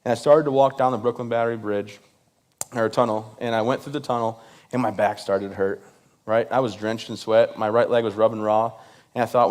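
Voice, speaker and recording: A man's voice: fairly low pitch, a little mellow. A man from Michigan giving a humorous, self-deprecating speech at a live event, often checking in with "right?". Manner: self-deprecating, jokey, many "right?" asides. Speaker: guest speaker.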